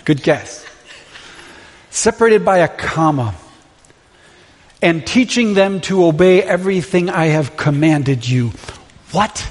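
Guy preaching, pretty high voice, lots of rhetorical questions, big echoey church. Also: expressive, slow pace, long pauses. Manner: impassioned, full of rhetorical questions. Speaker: pastor. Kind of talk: sermon. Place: church sanctuary. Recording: long reverb of a large hall.

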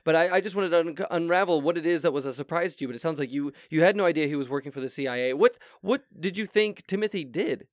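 A man playing a halting talk-show doctor. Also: fairly high pitch, no echo, studio quality, lightly acted. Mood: apologetic. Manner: stammering, halting, formal. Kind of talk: improvised comedy sketch.

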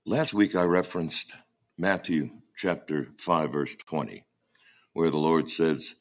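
Deep-voiced man preaching a sermon. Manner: halting, repeats words as he searches. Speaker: pastor.

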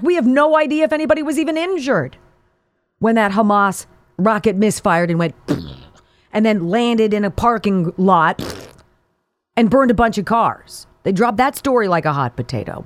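A woman host delivers sharp, sarcastic commentary with a lively, swooping pitch. Her mocking tone carries through each point. The recording is close and dry. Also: a little slow, no room sound. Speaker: talk show host. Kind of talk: opinion talk show commentary.

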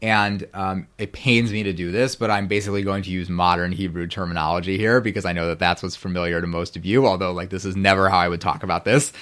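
Very deep-voiced man explaining grammar. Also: steady tone, fast, hardly any pauses, a bit bright. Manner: rambling, self-correcting, lecturing. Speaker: guest scholar. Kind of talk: explaining biblical Hebrew grammar.

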